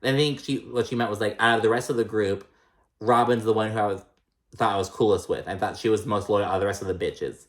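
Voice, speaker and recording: A man's voice: fairly low pitch, steady tone, quick pace, fairly bright tone. A man casually recapping a reality TV episode in a gossipy, profane way, with lots of fillers.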